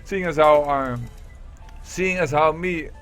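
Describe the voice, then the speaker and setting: A man's voice: a little high, slow, fairly bright tone, faint music behind. A man voicing a brash, defiant Irish ex-smuggler woman, putting on an Irish accent while reading game dialogue aloud. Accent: Irish, put on. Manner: slangy, blunt, swaggering.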